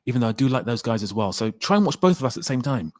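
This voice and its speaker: A man hosting a casual live stream, reading out viewer comments in a lively, excitable way and swearing freely. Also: medium pitch, racing, dry recording, clean studio sound.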